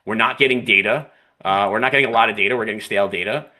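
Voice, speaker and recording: A man gives market analysis during a live trading stream. He talks fluently and analytically, often tagging his phrases with "right?" and "you know." His voice sits low but has a bright, crisp edge. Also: very fast.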